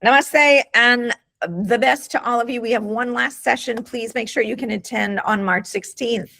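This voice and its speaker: A woman's voice: on the high side, moderate pace, vocal fry, bright, forceful tone. A woman doctor hosting a webinar over a video call, talking in an encouraging, casual way and often repeating a word as she starts a thought.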